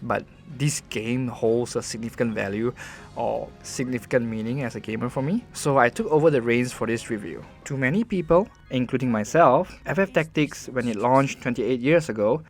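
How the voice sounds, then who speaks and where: A man's voice: medium pitch, normal speed, faint music behind. A man voicing a game review as host, earnest and conversational, often restarting his sentences.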